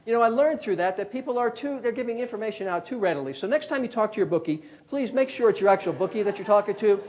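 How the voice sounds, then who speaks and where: A man around fifty from Connecticut, a former FBI agent giving a keynote talk as a lively storyteller who acts out the people in his anecdotes. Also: sits high, fast talker. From Connecticut, USA.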